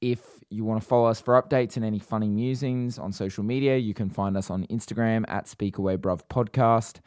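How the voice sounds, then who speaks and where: A man co-hosting a casual podcast in a laid-back, joking way. His voice sits fairly low. The sound is dry and close. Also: fairly even intonation, a little fast, a little mellow, no echo. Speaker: podcast co-host.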